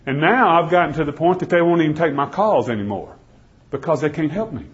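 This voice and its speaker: A man preaching a sermon, telling a first-person story, swinging from loud pleading to hushed, near-whispered lines. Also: a little high, lively intonation, fairly quick. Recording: dull lo-fi recording.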